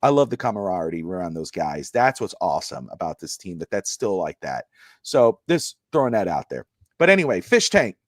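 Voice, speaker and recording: A man's voice: low-pitched, big pitch swings, a little fast, no room sound. Male co-host, casual sports talk, rambling delivery, dry close mic. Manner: rambling, storytelling with repeated fillers. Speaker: podcast co-host. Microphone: live stream microphone.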